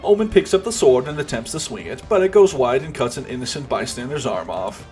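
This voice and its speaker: A man's voice: mid-range voice, animated, brisk, a little mellow, soft background music. A man narrating a comedic role-play game as game master, casual and joking, and he swears freely.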